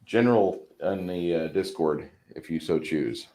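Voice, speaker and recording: Very deep-voiced man chatting casually. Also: a little slow, mellow. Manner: rambling, stammers and repeats words. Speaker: stream host. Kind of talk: casual chat while painting miniatures. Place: home.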